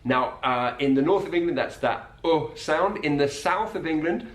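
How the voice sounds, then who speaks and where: A man's voice: on the high side, expressive. Patient male accent teacher, echoey room. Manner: clear, patient, demonstrates sounds slowly. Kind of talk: explanatory video lesson.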